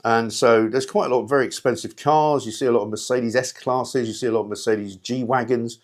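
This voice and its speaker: A man's voice: medium pitch, fairly even intonation, brisk. A man hosting a talk show, delivering a sardonic, rambling, opinionated monologue straight to listeners. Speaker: radio talk show host.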